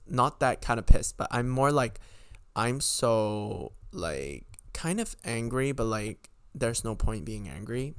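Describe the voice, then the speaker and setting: Young guy ranting storytime style, tons of likes and swearing, smooth clear voice, dry close sound. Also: medium pitch, a bit bright, no echo. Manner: rambling, heavy filler words, frequent swearing; exasperated, incredulous. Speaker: podcast host. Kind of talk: casual storytime rant.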